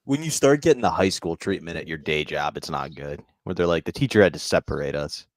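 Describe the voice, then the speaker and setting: A man's voice: low voice, animated, brisk, no echo. A man co-hosting with dry, teasing banter in casual morning show chat. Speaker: co-host.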